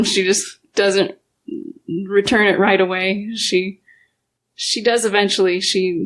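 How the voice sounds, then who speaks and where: A woman player describes her character slowly, pausing and restarting as she searches for words. Her delivery is unhurried and plain. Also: medium pitch, creaky, rough recording. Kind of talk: playing a tabletop role-playing game.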